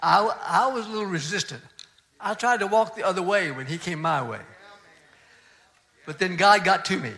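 An older pastor tells a story from the pulpit, lively in some moments and hushed almost to a whisper in others. His voice is bright and forward, sitting a little high for a man. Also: normal speed, long pauses. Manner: animated storyteller, drops to soft near-whisper in quiet moments. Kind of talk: sermon storytelling.

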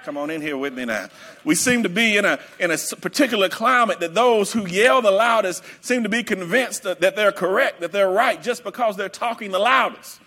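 A male preacher delivering a sermon in an emphatic, repetitive way, bursting into shouts. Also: high-pitched, expressive, a little fast.

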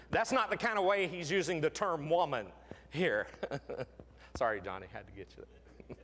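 Preacher in a reverberant church. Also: male voice, fairly high pitch, lively intonation, unhurried. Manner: dramatic preaching, drops to hushed tones. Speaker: pastor. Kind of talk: sermon. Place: church sanctuary. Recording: long reverb in a large church.

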